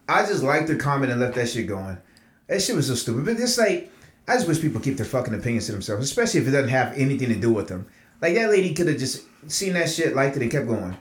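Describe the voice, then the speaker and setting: A man co-hosting a podcast, telling stories in a casual, animated and profane way. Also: mid-range voice, quick pace, reverberant. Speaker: podcast co-host.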